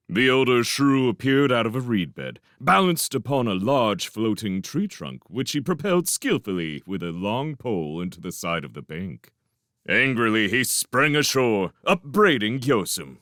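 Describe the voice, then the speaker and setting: A man reading a storybook aloud in an expressive narrating style. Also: medium pitch, normal speed, no echo, clean studio sound. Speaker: audiobook reader.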